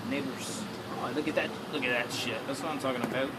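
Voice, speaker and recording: A man's voice: mid-range voice, steady tone, fast talker. A man joking around and talking to himself and his viewers while working by a fire outdoors, filmed on a phone. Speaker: hobby metalworker. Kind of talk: casual self-filmed commentary. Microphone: phone camera. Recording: loud outdoor noise on phone.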